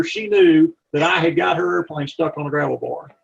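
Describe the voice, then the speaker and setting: A man's voice: on the high side, fairly even intonation, fairly quick, vocal fry, few pauses, dull audio. A man, an aviator and aircraft mechanic, telling rambling, folksy stories about flying, with frequent restarts. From not from Texas. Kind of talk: anecdotal storytelling talk with slides.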